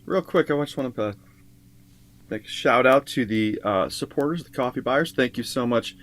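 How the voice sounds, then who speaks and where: A man's voice: mid-range voice, normal speed, fairly bright tone. A man co-hosting a live reaction stream as a songwriter, talking in a rambling way full of fillers and laughing often. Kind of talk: casual live stream chat.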